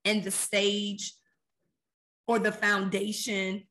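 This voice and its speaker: A woman's voice: mid-range voice, completely flat delivery, slow pace, fairly bright tone. A woman co-hosting a faith podcast, talking about prayer in an earnest, conversational and emphatic way. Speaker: podcast co-host.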